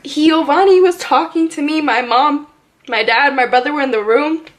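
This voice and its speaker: A young woman vlogger casually telling a personal story to camera, animated and full of "like"s. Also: high-pitched, moderate pace. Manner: animated, filler-heavy retelling with many "like"s.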